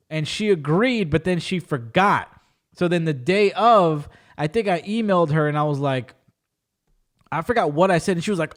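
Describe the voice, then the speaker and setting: Animated, swearing podcast host man. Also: high-pitched, moderate pace. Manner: animated storyteller, swears freely. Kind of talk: casual podcast chat.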